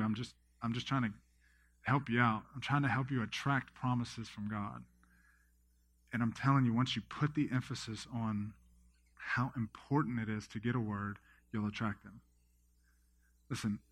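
A man in his thirties, a pastor preaching a sermon with lively storytelling, often acting out his own thoughts and others' words. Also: medium pitch, no room sound. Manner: energetic storytelling, quotes himself and others.

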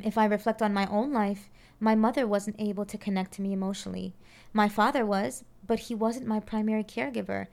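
A woman's voice: medium pitch, darkish tone. A woman giving an earnest, reflective talk on parenting, often repeating phrases and checking in with her listeners. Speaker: parenting speaker.

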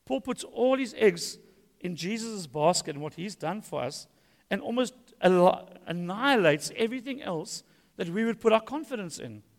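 High, gravelly preacher. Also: male voice, animated, moderate pace. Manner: emphatic preaching with humorous asides. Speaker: pastor. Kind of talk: sermon. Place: church hall. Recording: long church-hall reverb.

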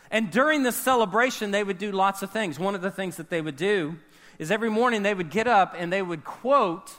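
Bright high-voiced man preaching. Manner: expository, questioning the listeners and re-enacting the scene. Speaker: pastor. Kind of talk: sermon.

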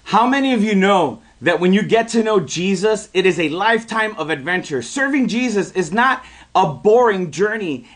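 A man preaching a sermon, telling a personal story in an animated way before building into emphatic preaching. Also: high voice. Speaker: pastor.

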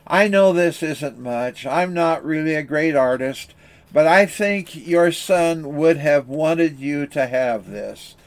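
A man's voice: on the high side, takes it slowly. A man voicing a modest, earnest young male soldier offering a gift. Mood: humble.

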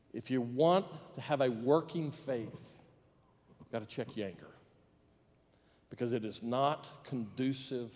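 A man's voice: medium pitch, a little mellow. A man preaching a sermon as pastor, telling a story with humor and acting out the voices in it. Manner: storytelling, plays out quoted voices with jokes. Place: church sanctuary. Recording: long reverb of a church hall.

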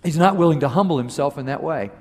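Animated preacher in an echoing hall. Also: male voice, quick pace. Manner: animated storytelling, voice rising for emphasis and dropping low. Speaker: pastor. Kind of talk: sermon. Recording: long reverb of a large hall.

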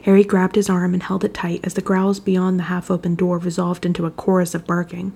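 Gravelly, husky woman narrator. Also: lowish voice. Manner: steady, measured storytelling. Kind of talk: reading fan fiction aloud.

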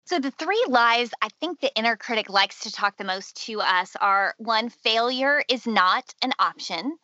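A woman's voice: fairly high pitch, animated, unhurried, bright, forceful tone, no echo, muffled recording. A middle-aged woman and mother, a guest on a faith podcast, speaking earnestly and acting out inner voices. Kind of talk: faith-based podcast conversation.

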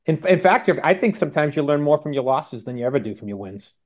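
A man's voice: on the high side, sing-song, quick pace. A man who is a guest on an interview show, explaining his work in a confident, conversational way over a video call. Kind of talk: interview answers.

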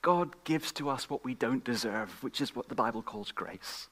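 A man preaching a sermon at a church gathering, swinging from loud emphatic questions to hushed, whispered lines. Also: medium pitch, normal speed. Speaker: guest preacher.

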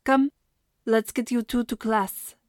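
A woman's voice: fairly high pitch, fairly even intonation, slow, dry recording, studio quality, pitched above the performer's own voice. A woman voicing a dreamy cafeteria chef.

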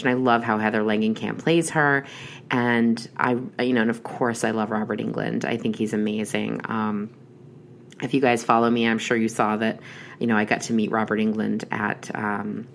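Woman, very deep voice, casual storytelling, rambling, lots of fillers. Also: flat delivery, normal speed, gravelly, a little hiss or hum. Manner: chatty, rambling with many restarts and fillers. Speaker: horror podcast host.

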